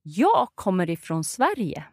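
Lively Swedish woman teaching her language. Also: lowish voice, measured pace, dry recording, clean studio sound. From Sweden. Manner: encouraging, models words clearly. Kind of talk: conversational language lesson.

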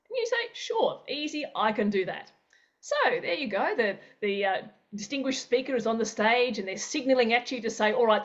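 A woman's voice: on the high side, highs cut off. A woman teaching an interactive online workshop, acting out everyday scenarios with playful sound effects. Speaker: presenter.

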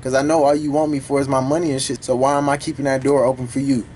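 A man recording casual reaction commentary for a video, talking back to the song in an animated, profane way. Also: medium pitch, fast talker, a little hiss or hum. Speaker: music reaction YouTuber.

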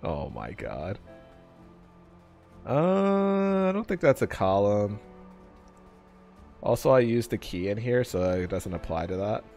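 A man streaming a game live, bantering with his chat, laughing often and getting loud and defensive when teased. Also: fairly low pitch, very animated, slow pace, long pauses, soft background music.

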